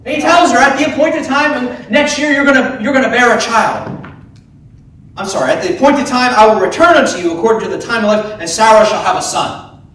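A man preaching a sermon as pastor, animated, acting out the voices of biblical figures. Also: extremely high pitch, a little fast, noisy background. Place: church sanctuary. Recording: echoey church from a distant mic.

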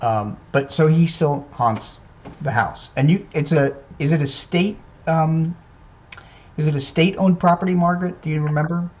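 A man's voice: fairly high pitch, moderate pace, darkish tone. A man who is a medium, telling ghost stories in a casual video chat, hesitant with many ums and restarts. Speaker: medium and paranormal investigator. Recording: muffled lo-fi video call audio.

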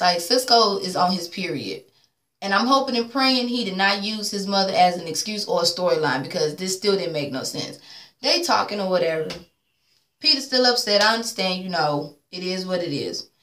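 A woman's voice: medium pitch, a bit bright, reverberant, slight background noise. A woman recapping a reality show episode in a blunt, sassy rant full of swearing, acting out the cast's lines. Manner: blunt, sassy, swears a lot, acts out quotes. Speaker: recap vlogger.

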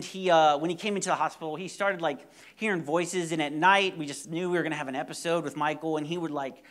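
A man's voice: on the high side, a bit bright. A young man preaching a sermon, telling stories animatedly with repeated words and sudden drops to near-whispers. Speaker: pastor.

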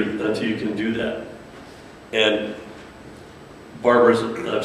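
A man's voice: fairly low pitch, a little hiss or hum. Man speaking from far in an echoey room. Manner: animated, acts out kids' and characters' voices. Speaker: speaker on children's media design. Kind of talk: casual talk to an audience. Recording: echoey distant room recording.

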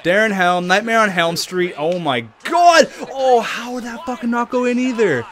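Young guy yelling and cursing over a hockey game, kinda high voice, hyped and trash-talky. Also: normal speed. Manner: hyped, swearing, trash-talking, laughing bursts. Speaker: gaming YouTuber. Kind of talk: excited game commentary.

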